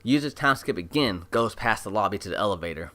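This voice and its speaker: A man giving a casual, excited recap of an episode as an anime reviewer, chatty and full of fillers. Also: on the low side, fairly quick. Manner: chatty, animated retelling with many fillers.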